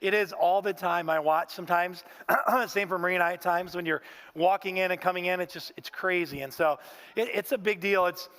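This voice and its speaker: In a church sanctuary, a pastor preaches a sermon, telling folksy stories and often saying "man." His voice sits high, a bit bright, and brisk.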